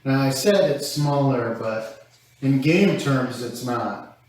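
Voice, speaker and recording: Game master in an echoey room. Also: male voice, mid-range voice, slow, a little mellow, slight background noise. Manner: easygoing, laughing, describing action. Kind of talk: running a tabletop game, casual. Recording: echoey room, far from the mic.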